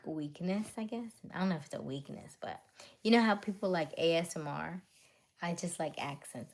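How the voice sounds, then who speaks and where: Slow-talking woman chatting on a livestream. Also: sits low. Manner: chatty, answers viewer comments, laughs often. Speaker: livestream host. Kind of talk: casual live chat with viewers.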